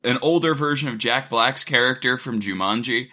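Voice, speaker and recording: A young university student co-hosting a casual chat, telling stories in an animated way and laughing often. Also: male voice, mid-range voice, normal speed, crowd noise. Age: young adult.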